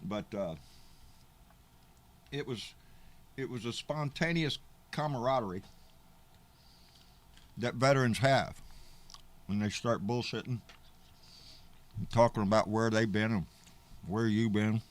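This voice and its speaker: A middle-aged man talks on a casual livestream in a fairly low voice. He rambles in a folksy way, swears freely and answers his viewers' comments as he goes. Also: takes it slowly, long pauses. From Texas. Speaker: livestream host.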